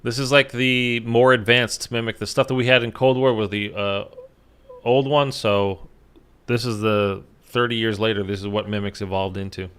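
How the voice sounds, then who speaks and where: Speaking on the low side with a level tone, a gaming YouTuber chats with viewers about a game at a moderate pace, his voice a bit bright and smooth. He's running on little sleep, rambling with many fillers and an odd swear word.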